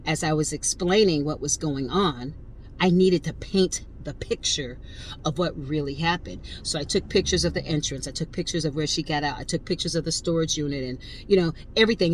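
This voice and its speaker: A woman's voice: deep voice, a little hiss or hum, low-quality recording. A woman in her fifties hosting a podcast, telling a story casually and emphatically and speaking straight to her listeners. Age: 50s. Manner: animated, emphatic, addresses listeners directly. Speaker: podcast host.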